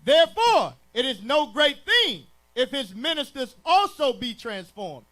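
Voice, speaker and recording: A man reading scripture aloud in a formal, measured way. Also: extremely high pitch, very animated, bright, forceful tone. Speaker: scripture reader.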